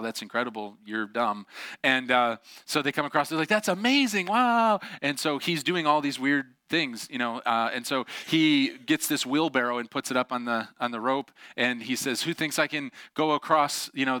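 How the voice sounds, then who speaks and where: A man's voice: mid-range voice, a little fast, few pauses, dry recording. A man giving a casual, story-driven sermon, animatedly acting out the voices of the people in his stories. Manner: animated, acts out quoted voices. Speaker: preacher.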